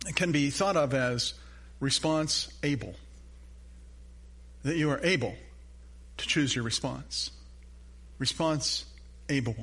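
A man's voice: mid-range voice, creaky, a bit bright, slightly rough. An older man, a grandfather and pastor, preaching a sermon in an earnest, conversational way with personal stories.

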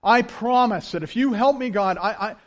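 Preacher guy doing a frantic man hanging off a cliff, high voice, yelling and begging. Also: normal speed. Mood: frantic pleading. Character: panicked man dangling from a cliff.

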